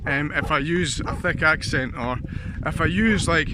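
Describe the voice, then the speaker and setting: A man's voice: on the high side, unhurried, background noise. A man with a Scottish accent telling stories in a casual vlog, chatty and rambling, often laughing, outdoors beside a road. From Scotland. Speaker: vlogger.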